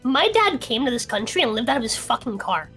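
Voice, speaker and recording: A woman's voice: fairly high pitch, very animated, a little fast, a bit bright, soft background music. Drunk, swearing young woman ranting. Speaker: podcast co-host. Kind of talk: casual streamed podcast chat.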